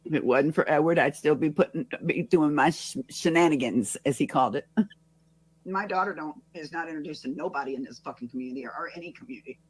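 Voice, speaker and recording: A woman's voice: sits low, quick pace, husky, low-quality recording. A woman talking in a rambling, profane way, bragging about her daughter and defending herself in a casual rant. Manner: rambling, profane, proud parent.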